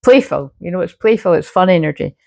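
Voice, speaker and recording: A woman's voice: on the low side, lively intonation, fairly quick, creaky, darkish tone. A woman giving a casual, rambling astrology reading full of fillers. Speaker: spiritual reader.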